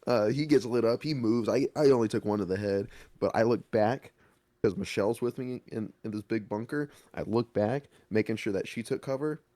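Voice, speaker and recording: A man co-hosting a podcast, talking casually in halting, rambling bursts. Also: lowish voice, warm tone, no echo. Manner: rambling, halting, laughs often. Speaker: podcast co-host. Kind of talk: casual chat.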